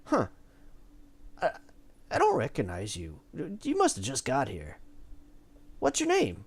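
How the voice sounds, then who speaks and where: A man's voice: mid-range voice, wildly swooping pitch, a little slow, husky, full character voice. A man voicing a nosy male acolyte guard on night shift who questions and teases a newcomer. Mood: curious. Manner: teasing, suspicious questioning.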